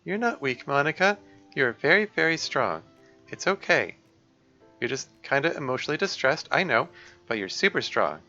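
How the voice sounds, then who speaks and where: A man voicing a caring, persistent young woman who coaxes a friend and keeps gently insisting on helping. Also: fairly high pitch, very animated, moderate pace, lo-fi sound, faint music behind, pitched above the performer's own voice, exaggerated voice. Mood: encouraging. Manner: eager, coaxing, gently insistent.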